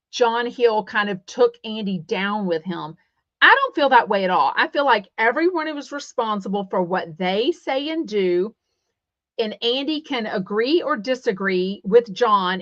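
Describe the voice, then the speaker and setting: A woman's voice: a little high, dry recording, dull audio. A woman from Texas with a Texan accent, hosting a casual celebrity gossip podcast, chatty and opinionated, reading live comments aloud. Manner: chatty and opinionated, many fillers and quoted asides. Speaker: podcast host.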